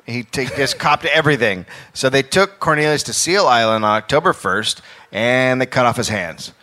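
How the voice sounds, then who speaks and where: Male comic podcast host, bright tone, live storytelling, laughing through it. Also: moderate pace. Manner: laughing, animated, swings pitch for quoted voices. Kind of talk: comedic storytelling. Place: live stage before an audience.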